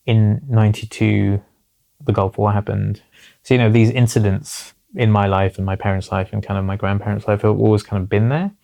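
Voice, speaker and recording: A man's voice: on the low side, flat delivery, brisk, vocal fry, dark tone. A man in his forties, a guest in an interview, talking earnestly and reflectively and often adding "basically" and "you know".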